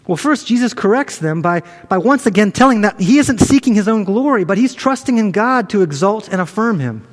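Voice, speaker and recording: High-voiced male preacher in a reverberant hall. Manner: earnest, conversational preaching with frequent restarts. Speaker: pastor. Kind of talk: sermon.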